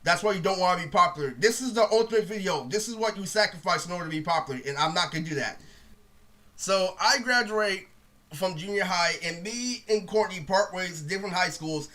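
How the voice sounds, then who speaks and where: A young man tears through a rambling storytime rant at speed, swearing freely and leaning on "literally" again and again. His voice sits high and bright, with a tense edge. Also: brisk. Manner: profane, rambling, says "literally" constantly. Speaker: vlogger.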